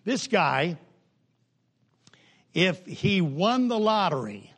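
Joking older preacher, slightly high voice. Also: male voice, big pitch swings, very slow, fairly bright tone, husky. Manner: folksy, joking, with sudden jumps in pitch and pace. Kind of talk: humorous sermon.

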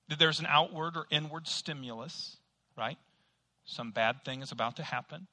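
Bright, emphatic high-voiced preacher. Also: male voice, normal speed, no room sound. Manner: emphatic, rhetorical questions, acts out dialogues. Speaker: pastor. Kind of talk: sermon.

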